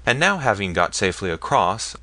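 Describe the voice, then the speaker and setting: Low-voiced male audiobook narrator. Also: big pitch swings, fairly quick, sharp tone, dry recording. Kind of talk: scripted narration.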